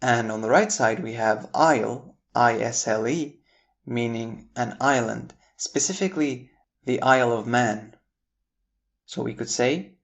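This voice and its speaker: An American man narrates an English vocabulary lesson at a middle pitch. He is clear and deliberate, spelling words out letter by letter, and he brightens as he brings in each new word pair. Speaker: English teacher.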